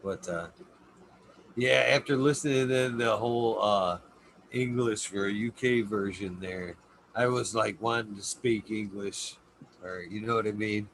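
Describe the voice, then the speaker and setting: A man's voice: lowish voice, unhurried, a bit bright. Loose, profane man hosting a chat. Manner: loose, profane, laughing storyteller. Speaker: podcast host. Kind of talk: casual chat.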